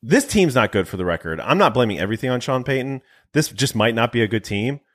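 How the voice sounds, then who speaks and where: A man co-hosting a sports podcast, talking in an animated, bantering way. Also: medium pitch, quick pace. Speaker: podcast co-host. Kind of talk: casual sports chat.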